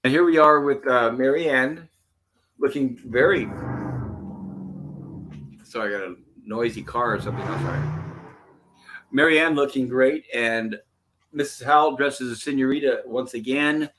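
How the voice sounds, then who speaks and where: Male host of mid pitch, chatty commentary, acts out bits of dialogue. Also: normal speed, long pauses, background noise. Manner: retells scenes, quoting the characters' lines. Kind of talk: casual episode commentary.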